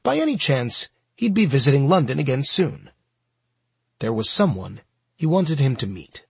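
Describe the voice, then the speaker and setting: A man narrates a nonfiction audiobook in a very husky, breathy voice, his pitch rising and falling with lively movement. He keeps a steady, measured storytelling pace. The recording is close and dry, with no room sound around him. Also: dry recording.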